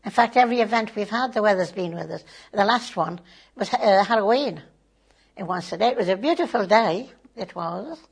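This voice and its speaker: A woman's voice: mid-range voice, lively intonation, normal speed, vocal fry, husky. An older woman, a community volunteer chatting in an interview with homely tag phrases. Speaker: community volunteer and board member. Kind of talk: interview, casual recollection.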